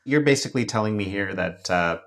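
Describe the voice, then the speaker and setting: Male interviewer, lower voice, brief prompting questions. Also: animated, brisk, fairly bright tone. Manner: prompting, asks short follow-up questions. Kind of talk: political interview.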